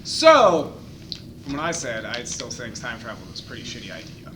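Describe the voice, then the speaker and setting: A man's voice: medium pitch, very animated, moderate pace. Young man with dry quips, far from the mic. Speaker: podcast co-host. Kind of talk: casual chat. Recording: distant mic with background noise.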